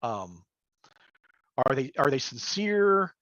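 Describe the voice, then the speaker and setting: A man's voice: mid-range voice, big pitch swings, slow, fairly bright tone, no room sound, muffled recording. A middle-aged man talking as a livestream guest about running games, rambling with many fillers and frequent laughs. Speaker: guest, game master and crafter. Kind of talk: casual livestream chat.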